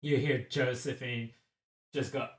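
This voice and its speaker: Slow, halting male game master. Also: mid-range voice, steady tone, a bit bright, far from the mic. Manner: slow, halting narration with many restarts. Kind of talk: narrating a tabletop game. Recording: roomy echo, a bit off-mic.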